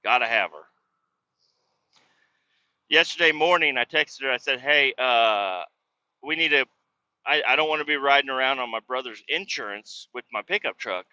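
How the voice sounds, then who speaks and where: A man's voice: mid-range voice, lively intonation, normal speed, long pauses, pushed and bright, dry recording, lo-fi sound. A man in his thirties hosting a solo podcast, ranting casually and profanely in a rambling, exasperated way. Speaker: podcast host.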